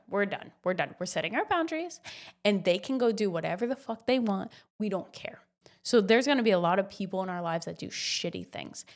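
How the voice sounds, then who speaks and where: A woman in her thirties hosting a casual motivational podcast, blunt and swearing freely with pep-talk energy. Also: mid-range voice. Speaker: podcast host.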